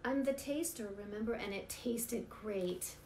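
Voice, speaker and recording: A woman voicing a greedy male pig who is the team's taster, speaking in a drawn-out, pleading way, in a roomy recording with faint noise. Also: fairly high pitch, warm tone, far from the mic.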